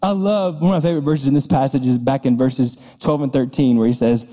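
A man's voice: medium pitch, steady tone, brisk, few pauses, warm tone. A man pastor preaching a sermon in a conversational way, often repeating words and laughing lightly as he talks. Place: church sanctuary. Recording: long reverb of a large hall.

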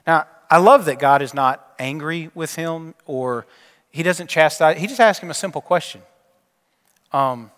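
A man preaching a sermon, telling a story and asking his listeners questions, often dropping to a hushed voice to close a point. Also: a little high, moderate pace. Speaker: pastor. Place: church sanctuary. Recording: long church hall reverb.

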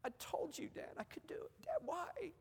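A man voicing his young adult daughter, tearful and proud, in high-pitched pleading tones that break into near-whispers. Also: brisk, fairly bright tone. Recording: long hall reverb.

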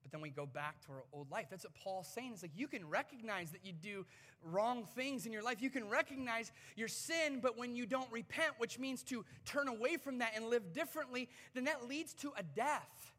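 A man in his thirties preaching to a congregation from a stage microphone, talking in a conversational, animated way with touches of humor. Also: very high-pitched, normal speed. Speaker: pastor. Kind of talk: sermon. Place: church sanctuary before a congregation. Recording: reverberant church hall.

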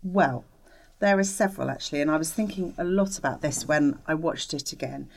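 Woman, low voice, podcast co-host, thoughtful, hesitant, lots of fillers. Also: brisk, creaky, a little hiss or hum. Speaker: podcast co-host discussing film ratings. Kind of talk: casual podcast discussion.

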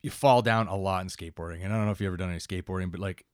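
A man in his thirties from Canada, a firefighter telling relaxed, rambling stories in a casual interview. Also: deep voice, very fast, clear, resonant tone, dry recording, studio quality. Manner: relaxed, rambling anecdotes with many asides. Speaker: firefighter and instructor, guest.

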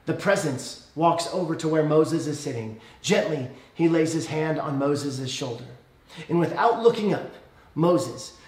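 A man preaching a sermon as pastor, telling a story earnestly and praying softly. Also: echoey room. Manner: earnest storytelling, dropping soft and low in prayer.

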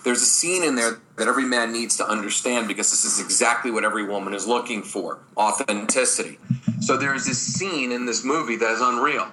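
Bright-voiced, blunt male dating coach. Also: medium pitch, a little fast, a little hiss or hum, low-quality recording. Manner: emphatic, blunt, acts out quoted voices. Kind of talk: podcast interview.

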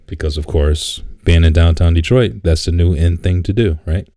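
A man's voice: sits low, moderate pace, mellow, no echo, studio quality. A man co-hosting a podcast, telling stories in a laid-back, casual way, swearing and laughing often. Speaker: podcast co-host. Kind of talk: casual chat.

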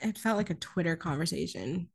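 A woman co-hosting a podcast, recapping a film in casual chat, animated, laughing often and swearing freely. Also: fairly low pitch, fairly quick, creaky, slightly rough.

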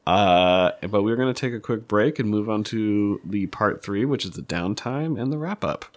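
A man's voice: on the low side, lively intonation, moderate pace. A man narrating as game master of a tabletop game, loose and full of fillers.

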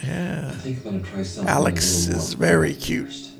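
A man co-hosting a casual podcast, reacting to a TV show, swearing freely and slipping into quick silly impressions. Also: mid-range voice, sing-song, vocal fry, over music. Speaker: podcast co-host. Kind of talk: casual chat watching a TV show.

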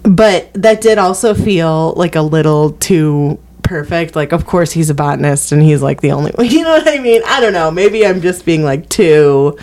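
A woman's voice: low-pitched, animated, normal speed, hardly any pauses, darkish tone. A young woman who reviews movies, chatting casually with many fillers and small laughs. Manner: hesitant, many fillers, self-aware laughs. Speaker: movie critic co-host. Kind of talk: casual chat.

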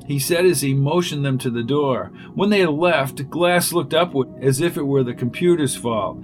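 A man narrating a science fiction story aloud in a steady storytelling manner. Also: medium pitch, normal speed, few pauses, soft background music. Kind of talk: audiobook narration.

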